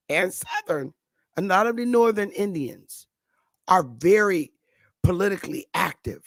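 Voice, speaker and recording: This YouTube commentator has a low-pitched voice, recorded without echo. A northern U.S. woman in her fifties, she rambles through an unplanned monologue, stopping to restart and filling gaps with fillers.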